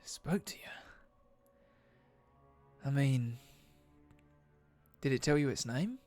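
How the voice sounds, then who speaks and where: A man's voice: medium pitch, animated, slow, a little mellow, soft background music. A man voicing a friendly male tinkerer who wears steampunk glasses, talking in a hesitant, stammering way. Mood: apologetic.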